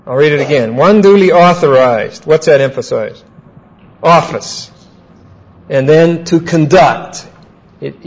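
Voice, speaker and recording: A man's voice: on the high side, low-quality recording. Man teaching a Bible class. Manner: asks the class questions and repeats key points slowly.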